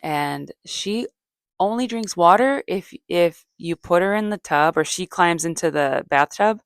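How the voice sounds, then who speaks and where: A woman's voice: fairly low pitch, lively intonation, a little slow, no echo, clean studio sound. A middle-aged woman, a comedian, rambling through a casual solo chat with lots of fillers and asides. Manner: meandering, chatty, many fillers and asides. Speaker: comedian and podcast host.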